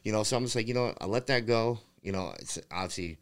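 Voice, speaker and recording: A man's voice: on the low side, quick pace. A man, a fighter guest on a casual interview, rambling through stories with lots of swearing and fillers. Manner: rambling, profane storytelling with many fillers. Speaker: bare-knuckle fighter guest.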